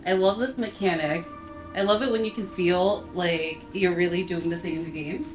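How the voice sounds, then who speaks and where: A young woman in her twenties giving casual, excitable commentary while playing a VR game, bursting into squeals and laughter when startled. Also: on the low side, moderate pace, music in the background. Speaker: VR gaming YouTuber.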